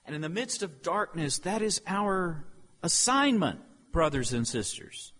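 A man preaching a sermon, slow and emphatic, with dramatic pauses, in a church sanctuary. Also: a little high, very animated, fairly bright tone. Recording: long reverb of a large hall.

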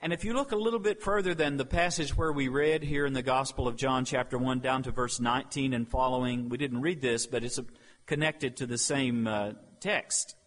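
A man preaching a sermon, slow and emphatic, with dramatic pauses, in a church sanctuary. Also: mid-range voice. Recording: long reverb of a large hall.

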